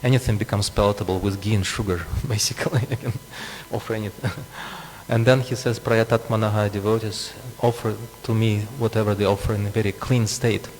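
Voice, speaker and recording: Speaking fairly quickly in a lowish, steady voice, a man preaches a scripture class, peppering his explanations with asides and plenty of chuckles. It's recorded in a temple hall with long reverb and a faint hum.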